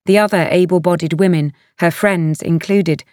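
A woman narrating an audiobook in a measured, even storytelling manner, recorded close to a studio mic. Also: on the low side, no echo. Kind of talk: scripted narration.

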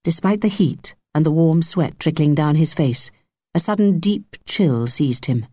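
A woman narrating an audiobook in a measured, even storytelling manner on a close studio mic. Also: sits low, breathy edge, dry recording. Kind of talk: scripted narration.

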